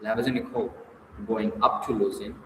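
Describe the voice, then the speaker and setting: A man narrating a novel as an audiobook, in a measured storytelling manner. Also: lowish voice, steady tone. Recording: echoey distant room, long reverb, faint noise.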